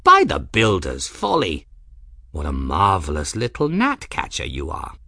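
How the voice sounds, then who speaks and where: A testy, eccentric old teacher with theatrical outbursts, as a man plays him. His low voice swings widely in pitch, recorded dry and close. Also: wildly swooping pitch, a little slow, creaky, pushed and bright, no echo, heavily acted. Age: older.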